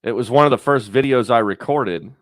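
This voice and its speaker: The mid-range voice of this YouTube channel host moves fairly quickly, recorded with clean studio sound and no room sound. He rambles casually and profanely, thinking aloud.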